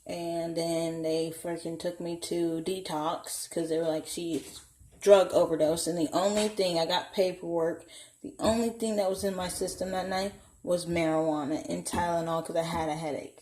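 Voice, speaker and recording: A woman's voice: lowish voice, flat delivery, moderate pace, mellow, slight background noise. A young woman vlogging a candid personal story at home, blunt and profane, acting out the voices of people she quotes. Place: home, indoors. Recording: echoey room.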